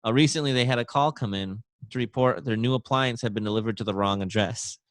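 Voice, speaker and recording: A man hosting a casual podcast, reading strange news stories aloud in a plain mid-pitched voice. He keeps it loose and jokey. The sound is dry and close, with no room around it. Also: fast talker, dry recording. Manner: reads news aloud, laughs, breaks into jokey put-on voices. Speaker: podcast host.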